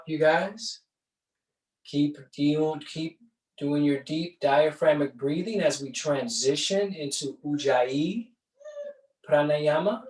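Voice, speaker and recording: Slow, roomy-sounding male yoga teacher. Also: a little high. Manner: conversational, checks in with "right?". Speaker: yoga and meditation instructor. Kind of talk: guided breathing class. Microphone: far from the mic. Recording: roomy echo, distant mic.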